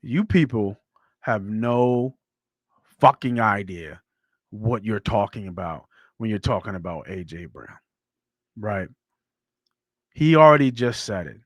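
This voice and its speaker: A man hosting a sports podcast, talking football in a blunt, animated way that swears freely. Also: fairly low pitch, slow pace, pauses often, no room sound. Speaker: podcast host. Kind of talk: casual sports talk.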